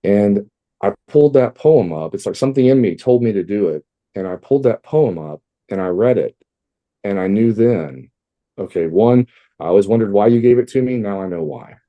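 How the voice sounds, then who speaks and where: A man's voice: lowish voice, lively intonation, moderate pace, dull audio. A middle-aged man from Texas, telling a personal story as a podcast guest in a candid, conversational way. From Texas, USA. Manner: candid and conversational, with frequent fillers and blunt asides.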